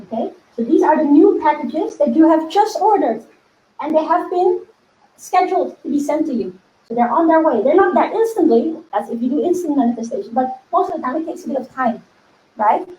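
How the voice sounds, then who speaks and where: High-voiced woman coach in an echoey room. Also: brisk, lo-fi sound. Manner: animated, laughs often, acts out inner voices. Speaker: spiritual coach. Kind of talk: casual teaching video.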